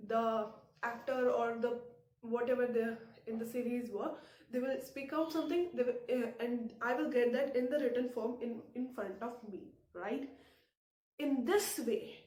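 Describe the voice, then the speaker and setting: A woman's voice: high-pitched, darkish tone. A woman giving a casual IELTS tutorial to her viewers, chatty and full of fillers and tag questions. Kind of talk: casual tutorial talk to camera. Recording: echoey room.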